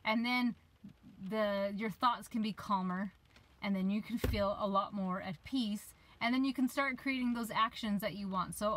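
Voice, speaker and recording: A woman's voice: medium pitch, normal speed, a bit bright, a little hiss or hum, low-quality recording. Chatty woman coach in her van. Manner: chatty, loses her train of thought. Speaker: life coach. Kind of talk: casual advice vlog. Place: parked van, rain outside.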